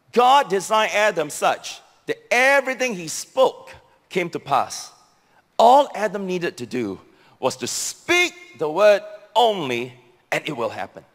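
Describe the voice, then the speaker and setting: A man's voice: fairly bright tone, long reverb tail. A man with a Singaporean English accent preaching a sermon as a pastor, emphatic and repetitive, stressing key phrases. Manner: emphatic preaching, repeating key phrases, sweeping pitch swings.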